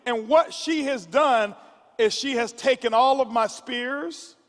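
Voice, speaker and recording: A man with a high, light voice speaks to a crowded conference hall, his words ringing with long reverb. He repeats himself in quick restarts and builds his points like a preacher. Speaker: motivational speaker. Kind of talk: motivational speech to a conference audience.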